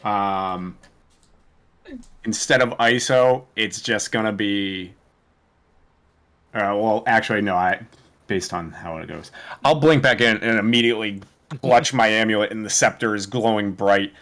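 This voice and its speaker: Low-voiced man playing a tabletop game. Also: a little slow, pauses often, a bit bright. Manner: casual, hesitant, swears freely. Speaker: player. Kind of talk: casual game talk.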